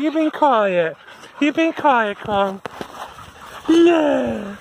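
A woman narrates her dog walk in a high, bouncy voice that climbs and drops as she coos at the dogs. She talks at an unhurried pace, chuckling between lines, with a faint hiss under the recording. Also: lively intonation, gravelly. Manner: coos and chuckles at dogs in sing-song baby talk. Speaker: dog walker. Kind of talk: chatty video diary talking to dogs.

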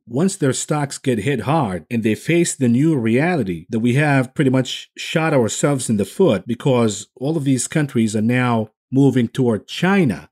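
A man's voice: medium pitch, darkish tone, husky. A man hosting a finance show, delivering a combative, sarcastic market commentary monologue.

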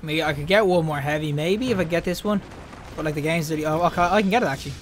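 A young man giving excitable live commentary over his own gameplay, yelping and laughing when things go wrong. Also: on the high side, quick pace, a little hiss or hum. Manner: excitable, yelps and laughs at deaths. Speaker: gaming YouTuber.

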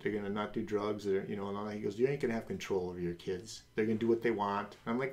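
A middle-aged man hosting a podcast, telling a personal faith testimony and acting out the voices of people in it. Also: fast. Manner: animated, acts out quoted voices with big pitch jumps. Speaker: podcast host.

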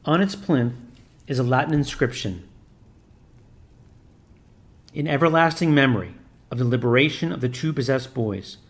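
A man narrating a religious story in a measured, solemn reading. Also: mid-range voice. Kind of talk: scripted narration.

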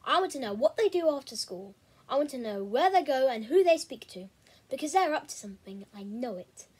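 A woman's voice: sits high, animated, fairly quick, a little mellow, breathy edge, heavily acted. Eager plotting kid for a storybook read-aloud, pressing and secretive, voiced by a woman. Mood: insistent. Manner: urgent, conspiratorial, drops to a whisper. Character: bossy young teen boy, eager schemer.

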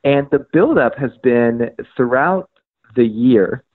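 A man telling his story as a podcast guest, animated, acting out conversations and using lots of "like" and "um". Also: mid-range voice, slow pace, phone-quality sound. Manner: frequent fillers like "like" and "um". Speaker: podcast guest, media outlet founder.

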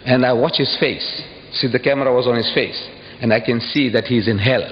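A man giving a public lecture in an animated, emphatic way, pressing his audience with rhetorical questions. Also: medium pitch, fairly quick. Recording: dull lo-fi archive recording in a reverberant hall.

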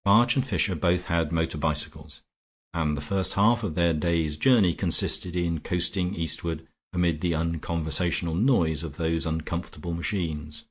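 A man narrating an audiobook in a steady, brisk reading style. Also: deep voice, slightly rough. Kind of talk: scripted narration.

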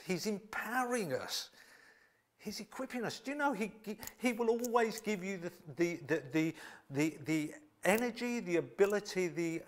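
Passionate preacher swinging hushed to loud. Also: male voice, a little high. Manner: swings from hushed near-whispers to loud excited exclamations. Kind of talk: sermon. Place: church.

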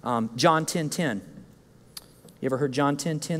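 A man preaching a sermon as a guest speaker in a church. He is animated and joking, and he acts out the complaints of his listeners. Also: a little high, a little slow. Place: church sanctuary. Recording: reverberant church hall.

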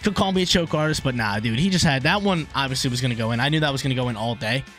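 A young man giving live commentary over his own online soccer game, excitable and swinging between hype and frustration. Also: mid-range voice, rapid-fire, faint music behind. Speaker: gaming YouTuber.

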